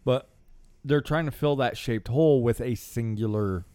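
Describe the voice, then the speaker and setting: A man's voice: medium pitch, moderate pace, darkish tone, clean tone, dry recording. A man co-hosting a casual discussion, agreeing often and adding his own analogies. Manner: agreeable, chimes in with affirmations and analogies. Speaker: podcast co-host.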